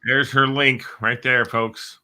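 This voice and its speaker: A middle-aged man co-hosting a casual talk show, telling stories with lively acted-out grunts. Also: mid-range voice, slow. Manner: animated storyteller, acts out grunts. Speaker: co-host. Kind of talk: casual chat.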